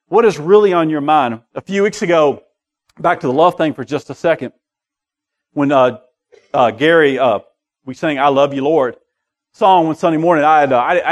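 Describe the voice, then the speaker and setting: A middle-aged man preaches to his congregation, his fairly high voice swinging between loud calls and quiet, low asides. He talks casually and warmly to the room, with fillers and restarts along the way. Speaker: pastor. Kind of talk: sermon. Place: church sanctuary.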